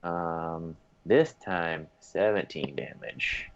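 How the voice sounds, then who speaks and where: Tabletop game player: a man with a very deep voice and a hesitant manner, recorded on a dull, lo-fi mic. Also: lively intonation, very slow, vocal fry. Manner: hesitant, full of ums while tallying dice. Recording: dull lo-fi mic with faint noise.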